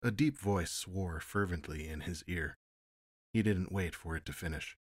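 A man narrating an audiobook in a measured, steady storytelling manner. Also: low voice, breathy edge, no echo, clean studio sound. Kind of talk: audiobook reading.

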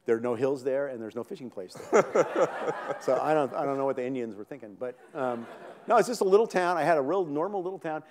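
A man's voice: medium pitch, expressive, fast, noisy background. Older man telling rambling comic stories. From New York State, USA. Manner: rambling, self-interrupting anecdotes, laughing at his own punchlines. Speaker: author guest. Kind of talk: comic storytelling on stage. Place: theater stage before an audience.

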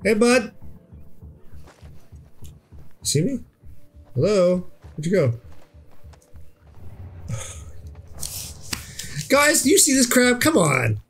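A man giving casual, excitable gameplay commentary, swearing often and yelling at the game. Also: high voice, very slow, pauses often, slightly rough, faint music behind. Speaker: let's play co-host.

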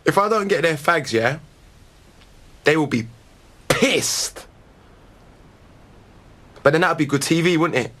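A man's voice: fairly high pitch, expressive, unhurried, long pauses, a bit bright. A young man chatting casually as a reality show contestant, cheeky and loose with slang. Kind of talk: casual chat.

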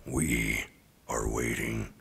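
A towering male robot commander speaks in a deep, gravelly rumble with a bright, rough edge, performed by a man. Each word is slow, grave and commanding. There is a husky grit under the weight. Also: steady tone, exaggerated voice. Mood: solemn. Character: huge noble male robot leader.

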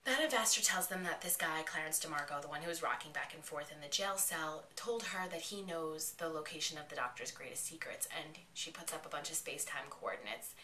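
A woman giving a chatty, excited recap of a television episode. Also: low voice, a little fast, hardly any pauses, a little hiss or hum. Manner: excitable, chatty retelling with quoted lines. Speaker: vlogger reviewing an episode. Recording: echoey room, mic at a distance.

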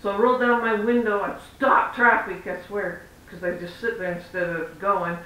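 A man's voice: flat delivery, normal speed, bright, forceful tone. A man vlogging as a parent, telling a story in a chatty, rambling way and acting out the back-and-forth of conversations. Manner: chatty, rambling, acts out quoted exchanges. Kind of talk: casual vlog storytelling. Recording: roomy echo, far from mic, faint rumble.

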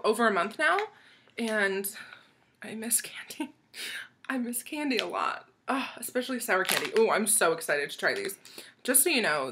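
In this casual, excited unboxing chat, a young American woman opens a swap package for her vlog, gushing bubbly and giggling often. Her voice sits at medium pitch with a sharp tone, and there's slight background noise.

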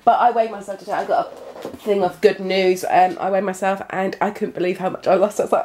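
A young British vlogger in her twenties talks casually to her viewers at home, chatty and meandering. She speaks fast at medium pitch with little pitch movement and a darkish tone.

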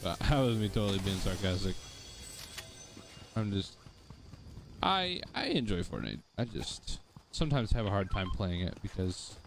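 A young man streaming a shooter game, chatting casually and joking with his viewers. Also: on the low side. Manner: laid-back, rambling, joking with chat. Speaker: gaming streamer. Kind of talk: casual live-stream chat while playing. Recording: game sounds underneath.

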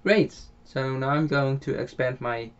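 A man with a Dutch accent talks through a farming game in a relaxed, halting way, often pausing on filler sounds and starting phrases over. His voice sits at a middling pitch. The home mic sounds dull and lo-fi. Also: clean tone. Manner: hesitant, many filler sounds and restarts. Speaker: game channel host. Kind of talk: casual gameplay commentary voiced afterwards.

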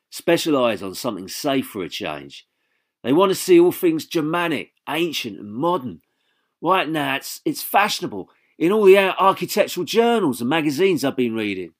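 A man voicing a pushy businesswoman with a breathy, husky, over-the-top theatrical voice, in an audiobook. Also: a bass voice, pitched above the performer's own voice, heavily acted.

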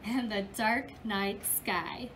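A woman preschool teacher reading a picture book aloud to young children, with an expressive storybook delivery and playful animal noises. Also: medium pitch, slow, slight background noise, low-quality recording.

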